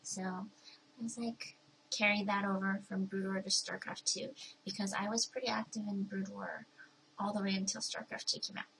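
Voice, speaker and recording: A woman's voice: medium pitch, little pitch movement, moderate pace, gravelly, fairly bright tone, slight background noise, rough recording. A young woman in her twenties chatting to her viewers in a casual Q&A vlog, bubbly and talkative, with playful voices for the people she quotes. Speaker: vlogger. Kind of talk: casual talking-to-camera Q&A.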